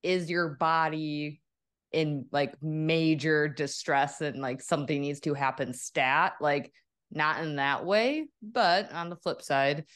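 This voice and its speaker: A woman's voice: low-pitched, slow pace, fairly bright tone. A woman doctor co-hosting a casual podcast, explaining in a rambling way full of "like" and searching for words. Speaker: doctor co-host. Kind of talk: casual chat.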